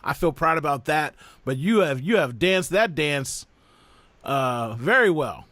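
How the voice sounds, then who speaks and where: A podcast host and father with a fairly high voice speaks at a measured pace in casual chat, telling family stories animatedly and acting out other people's voices. The recording has no echo.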